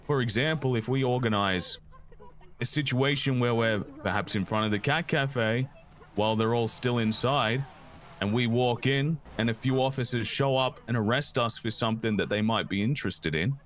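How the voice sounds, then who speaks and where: A man's voice: mid-range voice, moderate pace, fairly bright tone. A man playing a police officer in game role-play, earnest and laying out plans with some hesitation.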